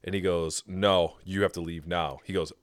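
Man, low voice, podcast co-host, interrupting, dramatic retelling, dry mic. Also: fairly even intonation, normal speed, no room sound. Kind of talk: casual storytelling chat.

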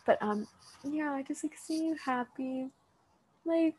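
A young woman talks straight to a close friend in a long, rambling, heartfelt monologue, her sentences full of fillers and restarts. Her voice is warm and mellow, set a little high, and she stands while she speaks. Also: slow pace, pauses often. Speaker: vlogger addressing a friend. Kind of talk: emotional casual monologue.

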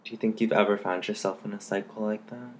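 A man's voice: lowish voice, steady tone, fast talker, a little hiss or hum. A man joining a casual podcast chat as a guest, laid-back and chiming in with short remarks.

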